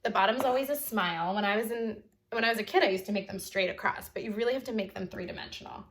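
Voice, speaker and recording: A woman's voice: mid-range voice, quick pace. Young woman, art teacher, chatty and encouraging, talks kids through drawing, drifts off topic. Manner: chatty, encouraging, easily sidetracked. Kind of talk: online drawing lesson for kids.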